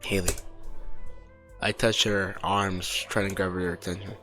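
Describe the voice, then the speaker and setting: A man reading a story aloud in a relaxed, unpolished way, correcting himself and adding asides. His voice sits on the low side. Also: normal speed, soft background music. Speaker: story reader.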